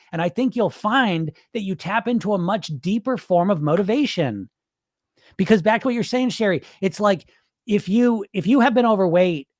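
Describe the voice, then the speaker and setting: Man, weight loss coach, livestream chat, blunt, profane, high-pitched, dry close sound. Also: darkish tone, no room sound. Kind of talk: livestream talk answering chat.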